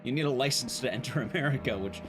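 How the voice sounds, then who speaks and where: A man streams a speedrun, rambling casually and profanely to his chat as he plays, with game music in the background. He talks fast at a medium pitch.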